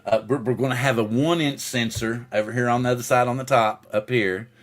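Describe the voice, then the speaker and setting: Speaking a little fast in a mid-range voice, a man hosts a casual livestream show, greeting chat viewers by name. He's an animated storyteller who acts out the voices of the characters in his stories.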